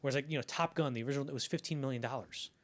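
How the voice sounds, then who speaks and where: A young man with a medium-pitched voice talks very fast as co-host of a casual film-history podcast. He rambles through anecdotes, acting out the people in them with quoted voices.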